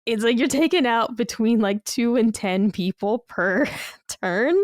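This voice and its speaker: A woman's voice: a little high, expressive, unhurried, no echo, studio quality. A woman co-hosting a casual gaming podcast, rambling with many fillers and casual swearing. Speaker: podcast co-host.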